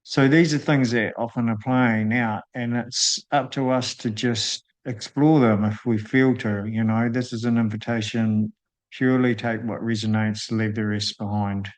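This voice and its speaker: A man hosting a solo spiritual talk, speaking thoughtfully with frequent pauses and drawn-out ums. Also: mid-range voice, fairly even intonation. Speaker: host.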